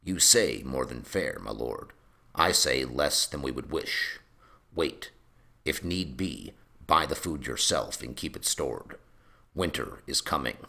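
A man reading a scheming middle-aged lord's lines in a calm, measured, persuasive way. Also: a bass voice, creaky, exaggerated voice. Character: scheming smooth middle-aged lord, Alayne's father. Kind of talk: fan audiobook reading.

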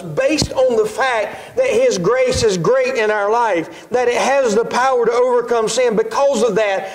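Preacher guy, really high voice, drawn out when he reads verses. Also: rough recording. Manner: preacherly, slows to read scripture. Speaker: pastor. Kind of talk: Sunday school sermon.

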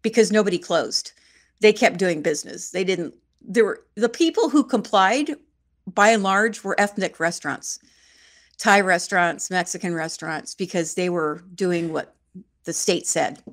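A woman's voice: lowish voice, normal speed. A woman in her sixties from Northern California, an interview guest talking in an emphatic, wry way and repeating phrases for stress. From Shasta County, California. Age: 60s. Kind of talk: conversational interview.

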